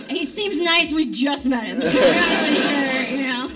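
A woman's voice: sits high, expressive, takes it slowly, pauses often, fairly bright tone, far from the mic, soft background music. A woman comedian doing a stand-up set with punchy, sardonic delivery.

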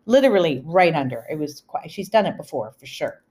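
A woman's voice: deep voice, fairly quick, slightly rough. Chatty middle-aged woman telling a story. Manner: animated, chatty, full of asides. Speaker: podcast host. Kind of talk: storytelling monologue.

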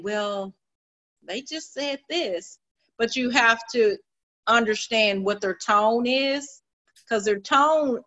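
A woman's voice: on the high side, a bit bright, dull audio. A woman hosting a casual interview, speaking hesitantly with many fillers as she searches for words.

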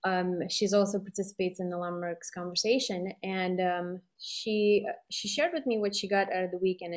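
A middle-aged woman talks through a personal story at an ordinary pitch. She rambles and reflects aloud, leaning on fillers as she goes. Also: darkish tone. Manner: rambling and reflective, many fillers, laughs often. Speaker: guest sharing a personal story. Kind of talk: casual conversation.

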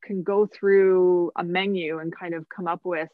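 A woman's voice: fairly low pitch, fairly even intonation, unhurried, dry recording, narrow, tinny audio. A woman guest on a podcast, talking casually about her bodywork practice, laughing often and thinking aloud with restarts. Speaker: guest, massage therapist and medical intuitive.

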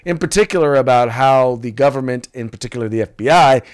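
A man's voice: medium pitch, fast talker, clear, resonant tone. A man co-hosting a casual political podcast, reading out sponsor spots and describing memes with acted-out quotes. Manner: animated, acts out quoted voices. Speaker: podcast co-host.

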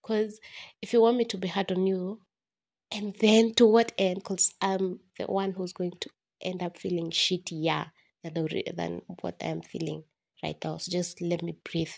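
Woman, solo podcast host; low, husky, gravelly voice; candid, self-mocking confessional ramble. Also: flat delivery, normal speed, darkish tone.

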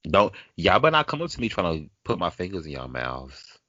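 A man's voice: deep voice, wildly swooping pitch, fairly quick, sharp tone, dry recording, dull audio. A man co-hosting a podcast, talking bluntly in casual chat full of slang.

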